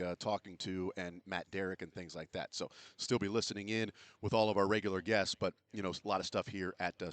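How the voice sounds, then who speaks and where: A man's voice: fairly low pitch, no room sound. A man hosting a sports radio show in casual chat, rambling with many fillers and restarts. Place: radio row at a big sports event.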